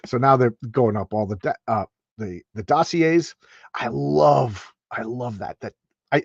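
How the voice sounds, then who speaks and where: His mid-range voice comes through without echo, though the high frequencies are cut off. He hosts a laid-back comic book review, eager and rambling, full of restarts and asides.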